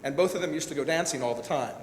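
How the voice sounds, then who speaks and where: A man who works as a director-producer gives a personal, emotional speech to an audience, rambling and restarting as he goes. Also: rapid-fire. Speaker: event speaker, director-producer. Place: large hall. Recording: echoey hall with faint rumble.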